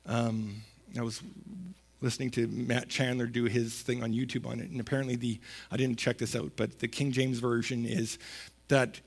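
A man's voice: medium pitch, level tone, moderate pace, vocal fry. A man giving a sermon in a conversational, emphatic way, repeating words for stress and reading scripture aloud. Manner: conversational preaching with emphatic repetition, rising to loud stresses. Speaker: pastor.

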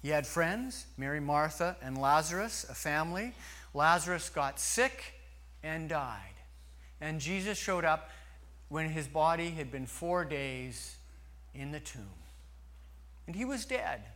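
Man preaching slow and earnest, kinda high bright voice. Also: animated. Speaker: pastor. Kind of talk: sermon.

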